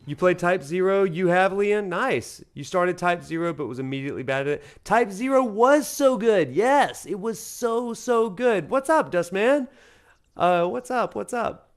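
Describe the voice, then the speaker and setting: A man's voice: high voice, expressive, measured pace. A man from Alabama, a professor streaming a video game, chatting casually and rambling with lots of fillers as he answers viewers. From Alabama, USA. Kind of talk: casual live-stream chat.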